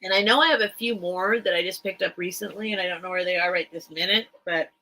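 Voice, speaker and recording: Chatty rambling woman, bright voice. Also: fairly low pitch, fast talker, slight background noise, rough recording. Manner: chatty, rambling, many filler ums. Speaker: online vintage seller. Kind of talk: casual live-stream sales chat.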